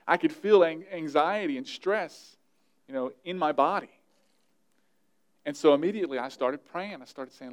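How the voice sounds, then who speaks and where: A man, a pastor, preaching a sermon in an earnest, conversational way with touches of humor, dropping softer when he voices prayers. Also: fairly high pitch, moderate pace, long pauses.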